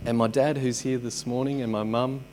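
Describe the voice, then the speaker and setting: A man's voice: mid-range voice, fairly even intonation, normal speed, darkish tone. Male pastor, middle voice, conversational sermon with wry asides, slight background hum. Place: church service.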